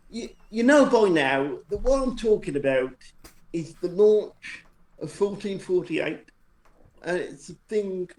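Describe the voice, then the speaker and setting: A man with a high, slightly mellow voice tells a long, rambling anecdote to friends on a live stream show. It's casual storytelling, self-deprecating and full of restarted sentences, recorded in an echoey room with faint noise.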